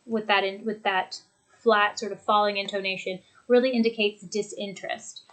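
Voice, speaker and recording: A woman teaching an English lesson from a home desk, speaking clearly and deliberately as she demonstrates intonation. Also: medium pitch, fairly bright tone, poor audio. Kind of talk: recorded lesson. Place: home office with a computer.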